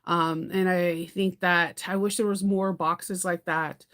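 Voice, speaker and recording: A woman's voice: on the low side, flat delivery, slow, fairly bright tone. Chatty woman hosting a sewing livestream. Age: adult parent. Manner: chatty, rambling, laughs often, answers viewer comments. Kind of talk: casual livestream chat.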